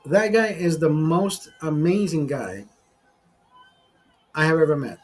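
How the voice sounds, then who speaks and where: Husky, profane middle-aged man telling stories. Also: fairly high pitch, measured pace, faint music behind, rough recording. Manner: profane, rambling, animated storyteller. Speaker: vlogger. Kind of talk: casual storytelling over a beer.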